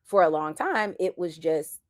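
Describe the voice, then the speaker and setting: A woman in her thirties talks in a casual chat with a lower pitch for her sex and a slangy, emphatic delivery. Her points come in lively bursts. The sound is close and dry, with no room around it. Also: measured pace, no room sound. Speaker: podcast host.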